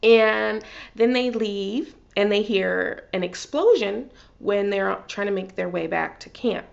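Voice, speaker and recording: A woman chatting excitedly through a TV episode recap, full of fillers and gushing asides. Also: mid-range voice, slow, creaky, highs cut off. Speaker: TV recap vlogger. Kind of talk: casual TV recap.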